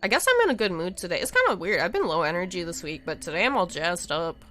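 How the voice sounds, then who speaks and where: A woman's voice: fairly low pitch, very animated, fast, bright, forceful tone, soft background music. A woman live-streaming a game, chatting and giggling with viewers as she reads the game's lines aloud. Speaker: streamer playing a visual novel.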